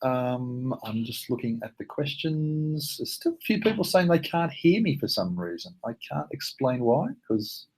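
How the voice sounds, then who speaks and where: A man with an Australian accent presenting a live online software workshop, talking casually with plenty of fillers and asides. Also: mid-range voice, big pitch swings, unhurried, few pauses. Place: at his computer, live webinar.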